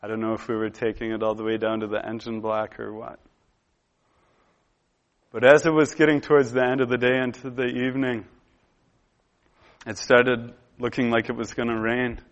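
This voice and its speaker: A man in his thirties preaches to a gathered room, drifting into a personal story. He speaks in a mid-range voice, casual and halting, full of fillers and restarts. The recording sounds dull and lo-fi. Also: mid-range voice, level tone. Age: 30s. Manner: conversational storytelling with frequent "uh" and "and".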